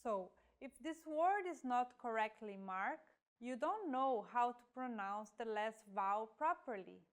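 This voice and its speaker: A woman's voice: a little high, animated, a little slow, clean tone. A woman narrating a scripted language lesson, carefully demonstrating example words one at a time. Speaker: language teacher.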